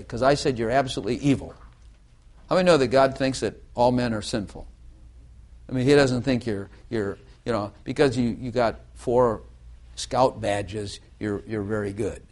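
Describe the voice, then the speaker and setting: Rambling conversational male preacher. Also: medium pitch. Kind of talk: sermon.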